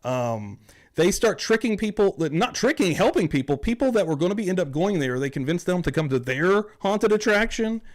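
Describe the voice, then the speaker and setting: A man's voice: sits high, sing-song, normal speed. A man hosting a casual livestream chat, rambling along, swearing often and chuckling as he talks. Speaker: host.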